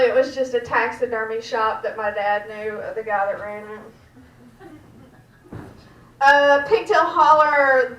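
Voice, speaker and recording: Southern woman doing dark stand-up. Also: on the high side. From Georgia, US. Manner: dark, deadpan storytelling with a drawl. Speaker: stand-up comedian. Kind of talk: stand-up comedy set. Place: back room of a restaurant. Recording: echoey room, mic heard from far off.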